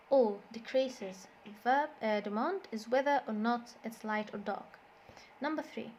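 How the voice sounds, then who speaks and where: An Egyptian-accented woman walks a class through vocabulary, her voice sitting a little high. She repeats words over and over to show where the stress falls. A faint hiss runs under the recording. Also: darkish tone. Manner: switches between English and Egyptian Arabic, repeats words to drill stress. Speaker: English teacher. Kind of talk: classroom lesson explanation.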